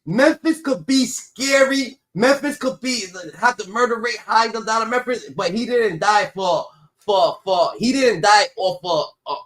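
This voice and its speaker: Male streamer, high bright voice, casual and animated, acts out voices and swears a lot. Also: unhurried. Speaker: livestream host. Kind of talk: casual chat with comic storytelling.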